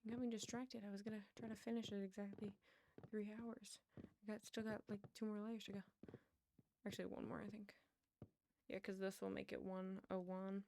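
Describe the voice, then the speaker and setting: Playing a building game, this young female streamer chats and rambles to her audience, talking to chat throughout. Her medium-pitched voice is level, gravelly and mellow, a little quick, with slight hiss or hum in the audio.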